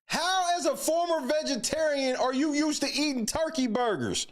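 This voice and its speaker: A man hosting a live stream, reacting to news clips with loud, mocking, profanity-heavy commentary full of slang. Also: very high-pitched, lively intonation, moderate pace.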